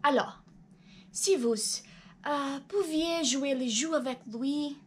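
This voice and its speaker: A woman's voice: high-pitched, slow, slight background noise. A woman putting on a fake French lady. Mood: coaxing. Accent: put-on French. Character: woman faking a French accent, scheming and bold.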